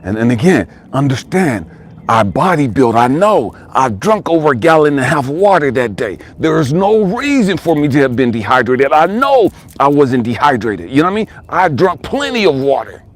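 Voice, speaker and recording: A man giving a personal testimony as a spiritual coach, telling his story dramatically and swinging from loud cries to hushed whispers while speaking straight to the listener. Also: mid-range voice, sing-song, moderate pace. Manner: addresses the listener directly.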